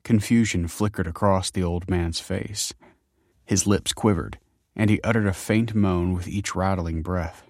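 A man narrating an audiobook chapter in a measured, even storytelling manner. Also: sits low, no room sound, studio quality. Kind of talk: scripted narration.

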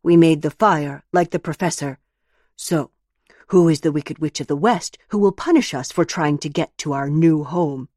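A woman voicing a playful, dreamy young man in a storybook reading, a bit higher and louder than her narrating voice. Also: moderate pace, no echo, clean studio sound.

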